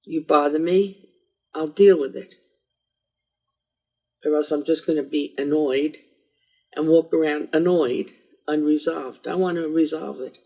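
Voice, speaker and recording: A man with a gravelly, husky voice lays out acting principles in an emphatic, instructive manner. His voice sits a little higher than most men's. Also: fairly even intonation, a little slow, pauses often, darkish tone, poor audio. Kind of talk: explaining acting technique.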